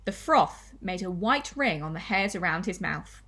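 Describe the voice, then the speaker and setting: A woman primary school teacher reading a children's story aloud with expressive storytelling. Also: on the low side, moderate pace.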